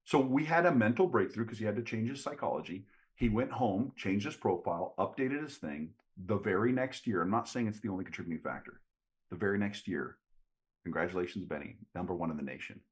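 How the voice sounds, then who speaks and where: Speaking fast with few pauses, a man with a lowish voice tells animated stories during an interview. He's a sales trainer appearing as a guest, and he brings his anecdotes to life by quoting people's lines.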